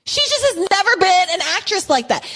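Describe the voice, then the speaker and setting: A woman's voice: very high-pitched, sing-song, fairly quick, pushed and bright. A woman co-hosting a podcast in casual chat, opinionated and emphatic, with many "like"s and apologies. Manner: opinionated, emphatic, lots of "like" and "I'm sorry". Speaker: podcast co-host. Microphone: podcast mic.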